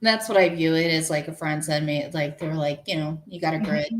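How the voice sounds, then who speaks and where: A woman's voice: low voice, steady tone, fairly quick. A middle-aged woman guest in a casual chat, speaking earnestly and from the heart, with many "like"s. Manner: earnest, heartfelt, filler-heavy. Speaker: show guest.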